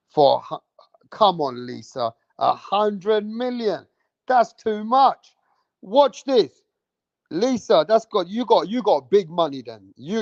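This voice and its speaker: A man, hosting a livestream and loudly teasing and daring his chat, swearing freely. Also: on the high side, dry recording, lo-fi sound. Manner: loud, teasing, swears a lot, goads the chat. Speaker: livestream host.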